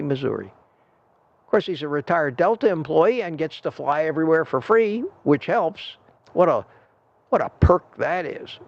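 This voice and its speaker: Older male stream host, gravelly, chatty and meandering; muffled home-desk recording. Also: on the high side, no echo. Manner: reads chat aloud, thanks viewers, rambling. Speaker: livestream host. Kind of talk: casual livestream chat.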